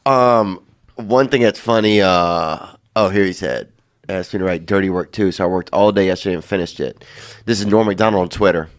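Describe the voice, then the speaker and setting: A man hosting a casual chat, laid-back and quick to laugh. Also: low-pitched. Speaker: podcast host.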